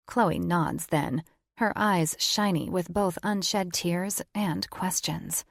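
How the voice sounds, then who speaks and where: A woman's voice: lowish voice, slow pace, gravelly, no room sound, studio quality. A woman narrating a first-person romance audiobook in a wry, conversational tone. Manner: wry, conversational inner monologue.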